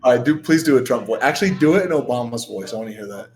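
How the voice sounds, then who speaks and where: A man's voice: medium pitch, expressive, very fast, darkish tone. A man hosting a live stream in casual chat, teasing his guest with pushy questions and crude jokes. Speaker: streamer host.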